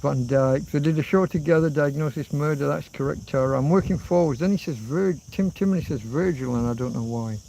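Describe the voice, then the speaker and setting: A middle-aged man with a somewhat high voice chats idly through a livestream, reading viewer comments aloud and answering them as he goes. He is recorded outdoors in the countryside. Faint insect noise hums behind him. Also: brisk, gravelly, hardly any pauses, warm tone, rough recording. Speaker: livestream host. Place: outdoors in a rural spot.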